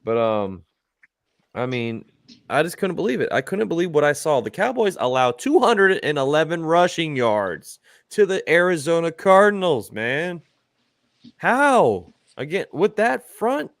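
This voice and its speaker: A man hosting a casual sports talk stream, animated and joking, hyping up his picks. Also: a little high, a little slow, dry recording, studio quality. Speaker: host.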